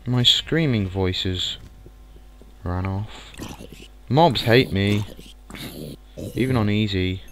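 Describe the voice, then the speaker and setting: A man commentating a game let's play, excitable and muttering curses at the game. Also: fairly low pitch, very slow, pauses often. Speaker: gaming channel host.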